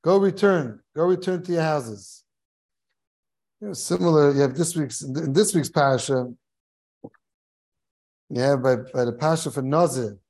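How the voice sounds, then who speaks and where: A man's voice: a little high, unhurried, pauses often, a little mellow. A man who is a rabbi giving a Torah class in a study hall, telling a humorous story and chuckling as he goes, mixing Hebrew and Yiddish terms into his English.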